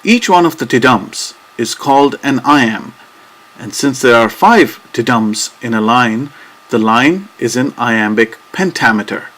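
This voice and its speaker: A man giving scripted educational narration, reading in a measured, deliberate way and tapping out rhythms with clear emphasis. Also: medium pitch, animated, fairly bright tone.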